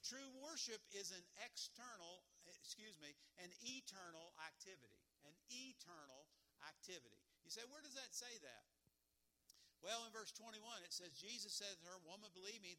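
Pastor, male, high bright voice, folksy preaching. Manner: folksy Bible teaching, asks listeners questions. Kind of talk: sermon.

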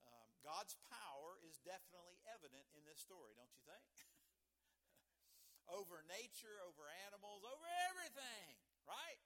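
A man's voice: high voice, sing-song, normal speed, pushed and bright. A man preaching a sermon as pastor, conversational, tossing in "right?" asides and chuckles.

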